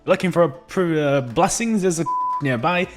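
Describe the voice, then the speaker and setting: A man's voice: a little high, normal speed, over music, voice pushed up, lightly acted. A man voicing a friendly tavern barman who greets adventurers in a chatty, welcoming way.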